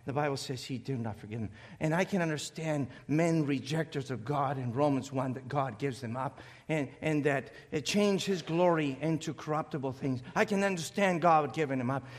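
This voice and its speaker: A male preacher delivering a sermon, swinging between shouted passages and quiet, intense reading of scripture. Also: a little high, normal speed, hardly any pauses. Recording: echoey hall.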